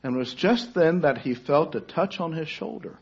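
A man preaching a sermon, telling a story dramatically, rising to loud cries and then falling to a near-hush. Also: on the high side, expressive, moderate pace, gravelly, slightly rough, dull audio.

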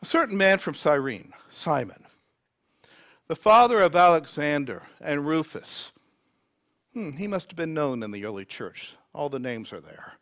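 A man preaching a sermon, reading scripture dramatically and swinging from loud emphasis to near whispers. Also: a little high, sing-song, normal speed, dry recording.

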